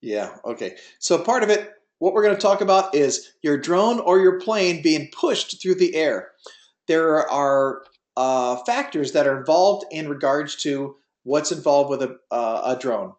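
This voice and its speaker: A man's voice: a little high, expressive, unhurried, roomy sound. A man teaching an online class on drone pilot rules, in a folksy, rambling way with many fillers and restarts, speaking over a video call. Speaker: drone pilot test prep instructor. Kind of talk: online class lecture with a told joke.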